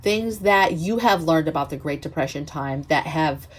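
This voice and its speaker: A woman's voice: low voice, expressive, normal speed. A woman hosting a prepping vlog, telling a story in a chatty, emphatic way, often checking in with her viewers. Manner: chatty, emphatic, frequent "okay?" asides. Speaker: prepping channel host.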